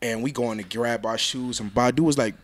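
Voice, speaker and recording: A young man, a rapper guest, telling a story in a casual interview, loud and laughing, jumping between low mutters and high exclaims. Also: fairly quick, a little hiss or hum.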